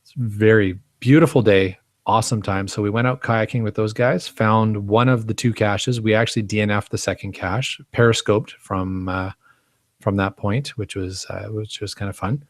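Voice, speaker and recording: A man's voice: lowish voice, fairly even intonation, normal speed, dry recording. A man co-hosting a casual podcast, telling stories with easy enthusiasm. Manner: chatty, enthusiastic storyteller. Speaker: podcast co-host.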